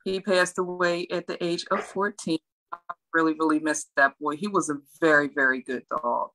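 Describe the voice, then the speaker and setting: A woman's voice: low voice, fairly even intonation, normal speed, a bit bright, low-quality recording. A woman who trains and grooms dogs, telling her story in a friendly, chatty interview. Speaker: dog trainer and groomer, guest. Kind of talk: casual interview chat.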